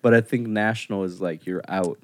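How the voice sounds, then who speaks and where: A man's voice: on the low side, steady tone, a little fast. A man co-hosting a podcast in casual chat, playful and laughing often. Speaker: podcast co-host.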